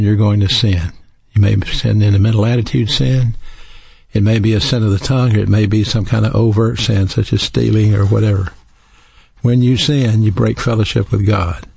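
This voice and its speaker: A man's voice: lowish voice, creaky, darkish tone, slightly rough. A man preaching a sermon in an earnest, teaching way, spelling out words letter by letter.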